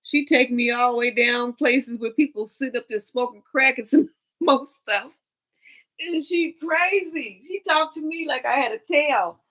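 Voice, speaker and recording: A woman tells rambling personal stories on a home livestream. Her voice sits a little high. She talks casually and animatedly, laughing often and dropping into other people's voices as she quotes them. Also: measured pace, fairly bright tone, poor audio. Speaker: tarot reader on a livestream. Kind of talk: casual storytelling.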